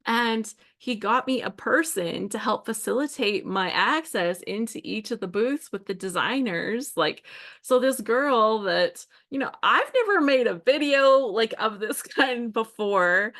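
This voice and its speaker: A woman's voice: fairly high pitch, expressive, measured pace, fairly bright tone. A woman hosting a scrapbooking livestream, telling stories in a casual, chatty way with frequent laughs and fillers. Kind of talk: casual storytelling chat while crafting.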